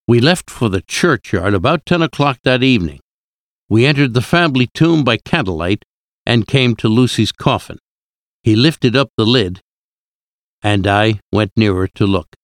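A man reading an audiobook aloud in a calm, even storytelling way. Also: on the low side, no room sound, clean studio sound. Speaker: narrator.

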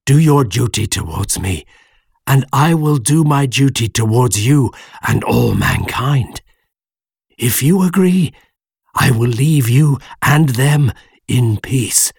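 A man voicing a slow, gravelly, pleading monster. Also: medium pitch, animated, no room sound, clean studio sound, voice pushed up, heavily acted. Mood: menacing. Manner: slow, drawn-out pleading delivery. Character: huge lonely male monster, pleading and menacing. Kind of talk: audiobook character voice.

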